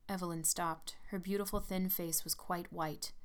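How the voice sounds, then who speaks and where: A woman narrating a gothic story as an audiobook, measured and hushed. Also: on the low side, steady tone.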